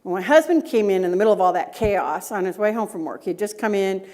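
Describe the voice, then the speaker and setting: A woman's voice: medium pitch, expressive, fast, darkish tone. Woman giving a conference talk. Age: middle-aged. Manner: storytelling, asks the audience rhetorical questions. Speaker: conference speaker, data governance director. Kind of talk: conference talk with personal anecdotes. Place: conference breakout room.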